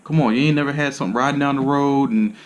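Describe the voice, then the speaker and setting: A man's voice: medium pitch, steady tone, rapid-fire. Man massage therapist, blunt and profane, streetwise slang, rambling talk to camera. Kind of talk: casual monologue to camera.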